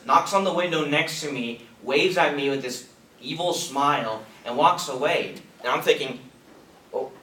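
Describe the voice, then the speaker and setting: A young man does stand-up at an open mic night, his voice sitting a bit high for a man. He rambles and pokes fun at himself, chuckling at his own lines. The sound is roomy and echoey, picked up from some distance off the mic. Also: a bit bright. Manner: rambling, self-mocking, laughs at own jokes. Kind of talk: stand-up comedy. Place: small room at an open mic.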